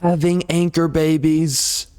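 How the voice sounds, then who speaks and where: Indignant male host, fairly high-pitched, ranting with sarcasm and heavy emphasis. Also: level tone, slow pace, darkish tone, smooth. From United States. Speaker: gaming video host. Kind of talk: angry monologue rant.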